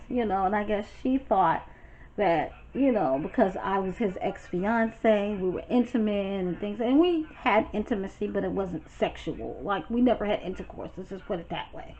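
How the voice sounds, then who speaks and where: A young woman from Brooklyn with a New York accent, telling a storytime in a blunt, sassy, animated way. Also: mid-range voice, moderate pace. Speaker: storytime vlogger. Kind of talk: casual storytime chat. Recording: dull lo-fi sound, faint noise.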